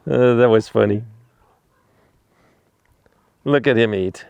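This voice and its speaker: A man with a smooth, resonant voice rambles through an anecdote, often repeating and restarting his words. He chats fondly to a dog while outdoors. His voice sits in the middle of the male range and sounds dry and close. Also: medium pitch, a little slow, long pauses, darkish tone, no room sound. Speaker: animal rescuer. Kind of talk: casual storytelling while feeding a dog.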